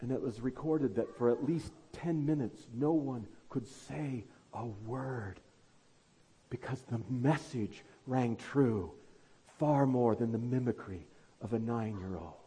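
A man preaching a sermon as pastor, fervently urging his listeners, then dropping to quiet, low asides. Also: slow, slightly rough.

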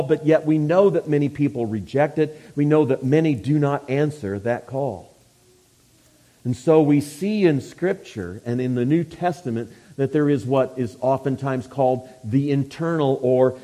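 A man preaching a sermon, swinging from hushed, quiet passages to loud, forceful declarations. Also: medium pitch.

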